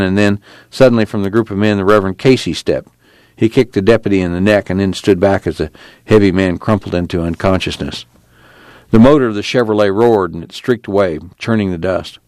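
A man reading a novel aloud in a steady, measured storytelling voice. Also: fairly low pitch, no room sound. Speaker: narrator. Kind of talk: audiobook narration.

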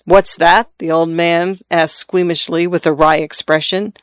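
A man's voice: fairly high pitch, little pitch movement, moderate pace, clean tone, dry recording. A man narrating a story in a scripted reading style, lightly voicing the characters in the dialogue.

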